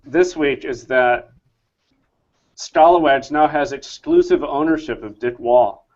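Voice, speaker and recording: A man speaks very slowly in a dry, deadpan way, dropping wry remarks into the chat. His voice comes through muffled and lo-fi, like call audio. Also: medium pitch. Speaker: podcast co-host. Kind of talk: casual chat.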